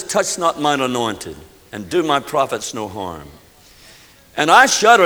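A male pastor delivers an emphatic sermon in a church sanctuary. His pitch swings widely as he preaches and leads the congregation in prayer. His voice sits a little high for a man and trails off into the long reverb of a large hall. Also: sharp tone.

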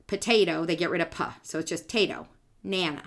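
A woman in her forties, a speech-language pathologist, co-hosts a casual podcast and speaks quickly in a lower register. She explains things like a teacher, checks that listeners are following, and laughs easily.

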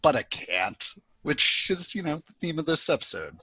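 A man's voice: a little high, very animated, normal speed, sharp tone, slightly rough, dry recording. A man co-hosting a podcast, chatting casually and enthusiastically with friends. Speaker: podcast co-host. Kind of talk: casual chat.

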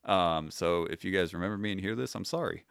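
A man's voice: deep voice, brisk, gravelly, a bit bright, clear, resonant tone, no room sound, clean studio sound. Wry, profane man telling a war story. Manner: profane, wry, re-enacts his own quotes. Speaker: podcast guest, retired Army sergeant. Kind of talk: casual storytelling interview.

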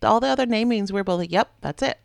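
Chatty woman with gravelly morning voice. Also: medium pitch, fast talker, no echo, clean studio sound. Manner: chatty storyteller, laughs often. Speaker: podcast co-host. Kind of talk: casual chat.

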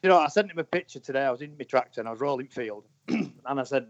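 A man's voice: mid-range voice, expressive, fast talker, no echo. A man in his forties, a motorcycle racer, chatting casually in a rambling way with many "you know"s. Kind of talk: casual chat. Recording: dull lo-fi dry sound.

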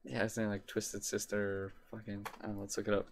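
A man's voice: on the low side, completely flat delivery, quick pace. A man in casual chat, blunt and swearing freely, making dry jokes while ranking bands.

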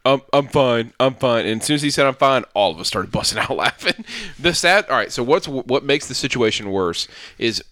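A man chatting with friends, jumping in with lively agreement and retelling the story. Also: medium pitch, brisk, dry recording, studio quality. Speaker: friend in the conversation. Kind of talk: casual podcast chat.

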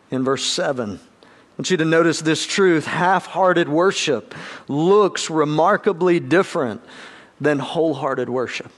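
A male pastor preaching a sermon in an earnest style, lifting his voice when he acts out quoted speakers. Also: sits high.

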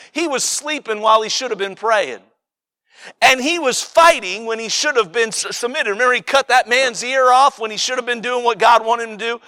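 A man's voice: very high voice, pushed and bright. A man preaching a sermon in a conversational, emphatic way, often repeating and restarting his words.

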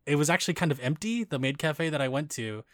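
A man's voice: on the high side, fast talker, no room sound. Dry, close-sounding young man telling stories. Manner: animated, laughs often, acts out quoted voices. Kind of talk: casual storytelling chat.

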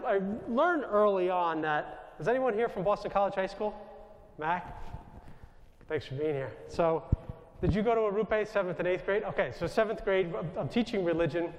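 A high-voiced Jesuit priest with a New York accent tells stories to a live audience in a conversational, anecdotal way, correcting himself now and then. The sound is roomy, with a long reverb tail.

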